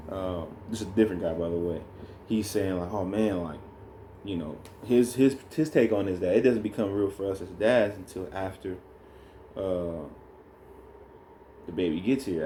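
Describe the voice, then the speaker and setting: A man telling a birth story in a relaxed, rambling way, co-hosting a casual chat with his partner. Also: sits low, moderate pace, a little hiss or hum. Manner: rambling, animated when retelling. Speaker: co-host, new father.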